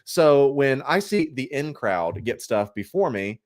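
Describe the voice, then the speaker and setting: A man on a casual podcast rants with energy, his pitch swinging up and down a lot. His voice sits at a middle pitch, and he drops into imitations of other people as he complains. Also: unhurried. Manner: animated, ranting, mimics others in quotes. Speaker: guest collector.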